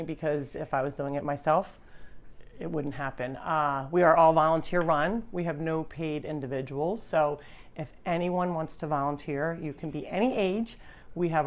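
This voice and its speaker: A woman's voice: deep voice, dull audio. A woman hosting an animal sanctuary's live stream, talking in a chatty, rambling way with frequent restarts. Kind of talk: casual live-stream chat.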